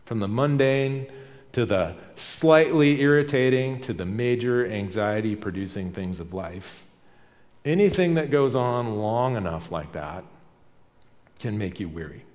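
A man's voice: on the low side, expressive, measured pace, darkish tone, long reverb tail. A man preaching a sermon as pastor, conversational and emphatic, repeating key phrases.

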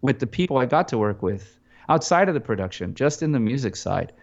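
A man's voice: medium pitch, sing-song, brisk, vocal fry, dull audio. A man, a film composer, talking casually in an interview, rambling with lots of restarts and fillers.

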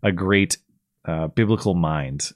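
A man hosting a live call-in show, talking casually with some halting restarts. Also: low-pitched, no echo, clean studio sound.

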